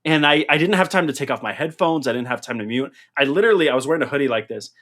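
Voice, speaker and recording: A man's voice: on the high side, rapid-fire. Guy hosting a podcast, voice jumps all over, tells stories and laughs a lot, headset mic. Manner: animated storyteller, laughs through his own stories. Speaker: podcast host. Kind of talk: casual chat.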